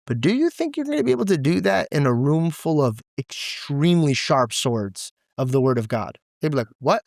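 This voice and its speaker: A man's voice: on the high side, sing-song, moderate pace, vocal fry, no room sound. A young man who grew up in a church, talking in an interview as a guest. He speaks candidly and expressively, says "dude" and "bro" a lot, and comes close to tears when things get serious. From Assyrian heritage, grew up in a church. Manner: earnest, close to tears at times. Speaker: podcast guest. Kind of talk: emotional, candid interview talk.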